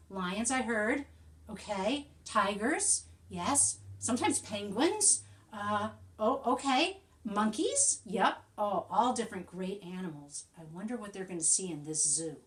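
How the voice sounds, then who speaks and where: A woman teacher reading a picture book aloud to young children, animated and coaxing, often asking them questions. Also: mid-range voice.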